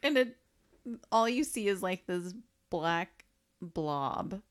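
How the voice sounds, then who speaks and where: A woman's voice: lowish voice, animated, slow pace, a crowd in the background. A woman co-hosting a podcast, chatting casually about a movie with frequent laughter. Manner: laughs often, amused asides. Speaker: podcast co-host. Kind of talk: casual movie-recap chat.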